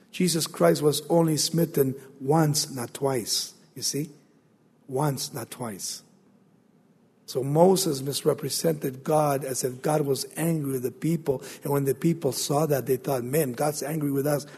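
Gravelly high-voiced man preaching in a hall. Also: darkish tone. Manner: preaches with rising emphasis, acts out voices of biblical figures. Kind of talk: sermon. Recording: long hall reverb.

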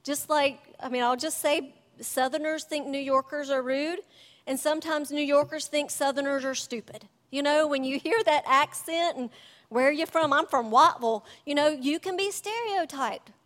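A high-voiced woman gives a sermon in a chatty, animated way, often laughing along with her own stories. Her voice rings with the long reverb of a church hall. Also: moderate pace.

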